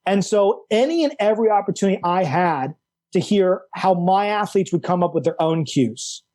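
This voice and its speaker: Male coach guest, middle-aged, emphatic and animated, high pitch with a warm, dark tone. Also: normal speed. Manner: animated, emphatic, repeats key words. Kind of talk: enthusiastic explanatory conversation.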